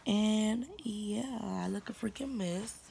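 A woman's voice: mid-range voice, takes it slowly, gravelly, dark tone, slight background noise. A teenage girl from Atlanta with a Southern accent, chatting casually to her phone camera at home as a vlogger, full of slang and "y'all". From Atlanta, Georgia. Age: teens. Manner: chatty, informal slang, says "y'all" a lot. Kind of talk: casual vlog chat. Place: at home indoors. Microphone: phone camera held close.

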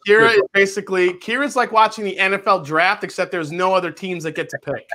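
High bright-voiced guy hosting a livestream, lots of bounce, jokes around. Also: quick pace. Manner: excitable joking. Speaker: host. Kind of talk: casual livestream chat.

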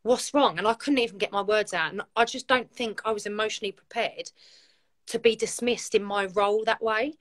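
A woman's voice: mid-range voice, steady tone, a little fast, a bit bright. A woman, a guest on a live video chat, telling her own story in a candid, heartfelt way. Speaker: guest, community founder.

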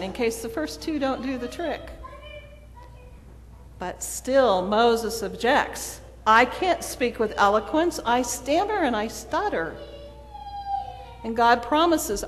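A woman preacher delivering a sermon in a storytelling manner, acting out the quoted dialogue. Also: fairly high pitch. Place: church sanctuary. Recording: long church reverb.

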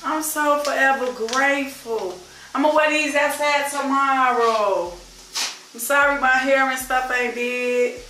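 Bubbly high-voiced woman in her fifties with a Chicago accent. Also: fairly even intonation, unhurried, sharp tone, far from the mic, a little hiss or hum. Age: 50s. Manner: effusive, chatty, keeps saying y'all. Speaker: vlogger. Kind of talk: casual chat to camera. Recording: echoey room, voice from off-mic.

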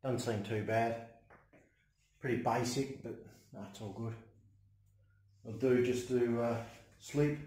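A man's voice: mid-range voice, fairly even intonation, slow, long pauses, a little mellow, slightly rough. Laid-back Australian man, vlogging. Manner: laid-back, chatty, says "mate" and "no worries". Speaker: travel vlogger. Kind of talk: casual travel vlog narration. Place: outdoors in a moving tuk-tuk, street traffic.

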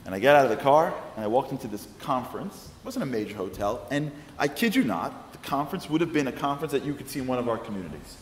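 A man telling a story at a lecture, animated and playful, his pitch swinging widely. His voice carries through a large hall with a long, roomy reverb. Faint noise hums underneath. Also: fast talker, hardly any pauses. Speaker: guest lecturer.

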